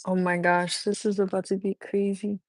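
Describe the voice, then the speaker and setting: A woman's voice: medium pitch, level tone, normal speed, dry recording. Bubbly young woman streamer, dry sound. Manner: bubbly and chatty, laughs often, answers chat questions. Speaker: livestreamer. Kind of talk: casual live-stream chat with viewers.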